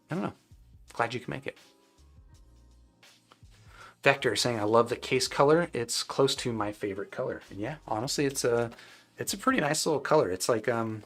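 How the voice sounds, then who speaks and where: A man's voice: fairly low pitch, a bit bright. Chatty man reading out live chat. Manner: loose, chatty, many fillers and restarts. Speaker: host answering live stream chat. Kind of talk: casual live stream Q&A.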